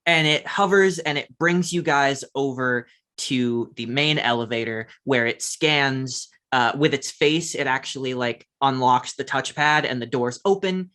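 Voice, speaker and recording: A man's voice: medium pitch, a little slow, hardly any pauses, pushed and bright. A man narrating as game master of a tabletop game, describing scenes casually with lots of fillers.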